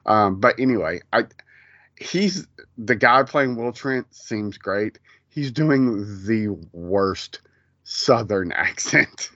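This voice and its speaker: A man's voice: lowish voice, animated, slow pace, fairly bright tone, dry recording, lo-fi sound. A man co-hosting a casual pop culture podcast, rambling with lots of fillers and restarts. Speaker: podcast co-host.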